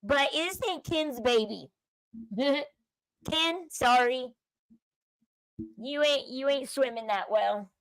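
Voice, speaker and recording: A woman's voice: high-pitched, takes it slowly, long pauses, no echo, rough recording. A woman hosting a casual livestream, giving opinions and chatting with viewers. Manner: chatty, opinionated, reads chat aloud. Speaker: livestream host. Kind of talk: casual commentary chat.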